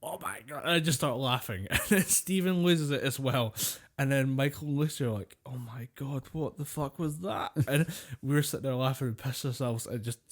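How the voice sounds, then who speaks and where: A man's voice: medium pitch, a little fast, hardly any pauses. A man co-hosting a podcast, telling stories in loose, casual chat. He rambles, swears freely and often breaks into laughter. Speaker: podcast co-host.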